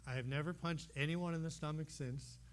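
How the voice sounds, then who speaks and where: A man telling a healing testimony to a congregation in a meeting room, talking straight to his listeners as an animated storyteller. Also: on the high side, fairly quick, slight background noise. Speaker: speaker sharing a healing testimony. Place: meeting room holding about a hundred people.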